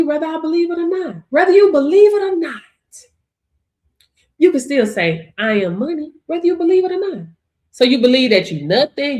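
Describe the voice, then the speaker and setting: A woman hosting a motivational livestream, talking to viewers in a preachy way and laughing often. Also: high-pitched. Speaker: livestream host.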